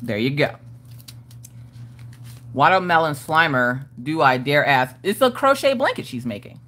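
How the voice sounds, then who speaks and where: This crafting livestream host has a deep, animated voice with a fairly bright tone and a measured pace. She greets viewers by name and reads out their comments with a playful, laughing manner.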